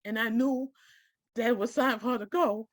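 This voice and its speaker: Woman with a fairly high voice recounting her own story to a small group, direct and emotional, recorded dry and close. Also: normal speed, dry recording. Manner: emotional, direct, checks in with listeners. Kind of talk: personal testimony in a small group.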